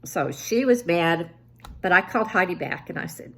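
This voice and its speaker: Her lowish voice carries some vocal fry and moves at a moderate pace as she, a woman in her seventies, tells family tales on a casual vlog. She's self-deprecating throughout and perks up when quoting her relatives.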